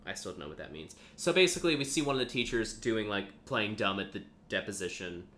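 A young man co-hosting a casual podcast. He rambles and jokes, swearing freely, with a lively, bright voice. It sounds like an echoey room with a faint hiss. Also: lowish voice, fast. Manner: rambling, joking, swears a lot. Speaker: podcast co-host. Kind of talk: casual chat.

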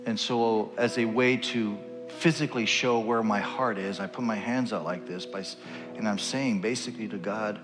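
A man's voice: fairly low pitch, steady tone, normal speed. A man leading his congregation in earnest prayer during a church service, rising toward fervent pleading. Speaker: pastor. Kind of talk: sermon prayer. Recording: long hall reverb with music behind. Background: instrumental worship music.

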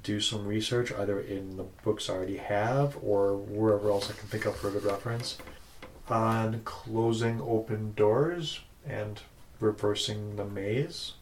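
A man's voice: lowish voice, fairly even intonation, a little slow, a little mellow, reverberant, slight background noise. A man playing in a tabletop game, talking in a casual, thoughtful way. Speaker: player.

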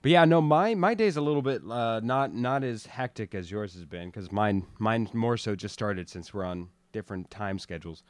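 A man's voice: fairly low pitch, moderate pace, hardly any pauses, clean tone, no room sound. Teasing young male podcast co-host. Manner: joking, teasing, playful. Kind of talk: casual podcast chat. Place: his room.

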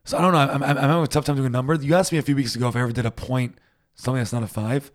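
A man's voice: mid-range voice, fairly even intonation, racing. A man co-hosting a podcast, chatting casually. He rambles and laughs often, in a mid-range voice. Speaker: podcast co-host. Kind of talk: casual chat.

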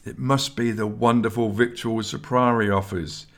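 Man voicing a smug young male squire, sly, casual, raised pitch, storybook reading. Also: steady tone, normal speed, natural voice. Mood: teasing.

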